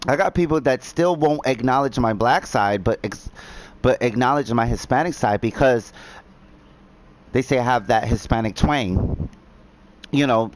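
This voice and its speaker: A man from New Jersey chatting casually while gaming, talking in halting starts with many fillers and restarts. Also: medium pitch, a little hiss or hum. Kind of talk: casual chat.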